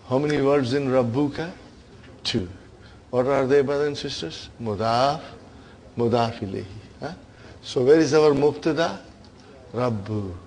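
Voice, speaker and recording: A man's voice: medium pitch, darkish tone, a little hiss or hum. A man teaching an Arabic grammar class, lecturing and often checking with his students through short questions.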